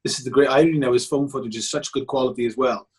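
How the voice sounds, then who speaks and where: A man, a film director telling stories in a casual interview, animated and chatty, with frequent restarts. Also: medium pitch, racing. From Wales. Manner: animated, chatty, many restarts and re-enacted quotes.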